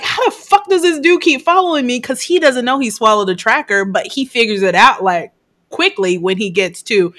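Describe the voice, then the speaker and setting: A woman's voice: medium pitch, bright, forceful tone. A woman co-hosting a casual podcast, retelling a film scene by scene, swearing freely and laughing often as she acts out the characters' lines. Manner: laughs often mid-sentence while recounting. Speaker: podcast co-host.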